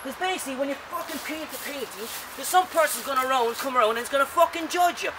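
A man's voice: very high-pitched, fast. A man, an artist, delivering an angry, rambling, profanity-filled rant. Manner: angry, swears constantly, rambling. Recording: distant voice, loud outdoor street traffic.

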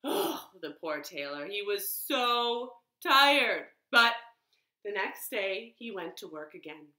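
A woman librarian telling a children's story at home in an expressive, animated way. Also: medium pitch, takes it slowly. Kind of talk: storytime read-aloud. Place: living room. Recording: roomy living room echo.

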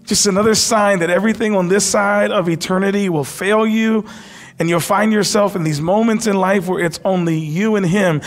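A man preaching a sermon as pastor, impassioned, dropping to a hush when he quotes. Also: high-pitched, moderate pace. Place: church sanctuary.

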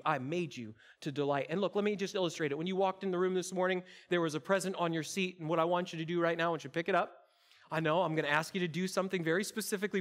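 A man's voice: high-pitched, fairly bright tone. A man preaching a sermon as campus pastor, playful and chatty, talking straight to the congregation in a church auditorium. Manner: playful, interactive, addresses congregation directly.

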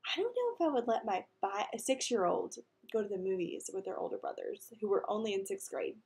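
A woman reading a children's novel aloud, lively, with asides to her listeners. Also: mid-range voice, fairly quick. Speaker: reader.

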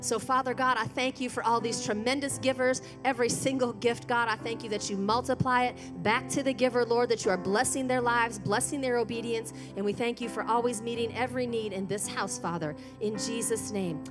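A woman's voice: fairly high pitch, fairly even intonation, brisk, few pauses. Upbeat woman leading church prayer over music. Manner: upbeat, encouraging. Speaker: church minister leading the offering. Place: church sanctuary.

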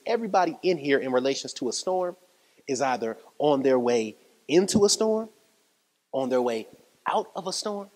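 A man's voice: on the high side, slightly rough. A man pastor, preaching a sermon with rising emphasis and repeated phrases. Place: church sanctuary. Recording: long hall reverb.

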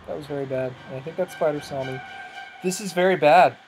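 A let's-play host chatting through a building session in an easygoing, excitable way. They talk to themselves as they play, count things out loud, and jump with nervous alarm when monsters appear. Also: medium pitch, fairly quick, music in the background, rough recording. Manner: excitable, thinks aloud, startles easily. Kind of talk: casual gameplay commentary.

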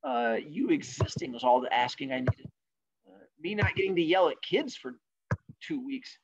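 A male teacher telling fables to an online class, jokey and animated, with sarcastic asides, in a dull lo-fi recording. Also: a little high, normal speed. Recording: dull lo-fi sound.

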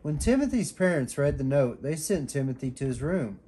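A father reading a children's bedtime story aloud, with an expressive, animated reading. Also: fairly high pitch, normal speed, husky.

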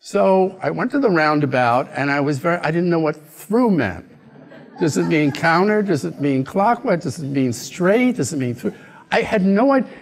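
An American man giving a conference keynote, telling a story in an animated way and acting out the voices of the people in it. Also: a little high. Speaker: keynote speaker. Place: conference hall. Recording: echoey hall.

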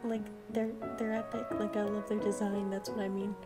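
A woman's voice: medium pitch, flat delivery, normal speed. A young woman giving casual, chatty commentary while playing a video game, correcting herself as she goes. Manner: chatty, self-correcting, upbeat. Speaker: let's play gamer. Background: loud video game music.

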